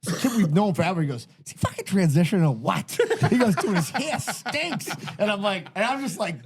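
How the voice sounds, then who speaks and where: A man's voice: high voice, expressive, fast talker, a little mellow, slight background noise. A man co-hosting a casual podcast, telling rambling stories with a lot of swearing and laughter. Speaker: podcast co-host. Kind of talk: casual chat.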